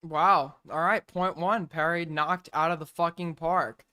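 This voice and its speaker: A man's voice: on the high side, steady tone, unhurried, pushed and bright, smooth. A man moderating a casual online debate over a voice call, cutting in bluntly to keep it moving.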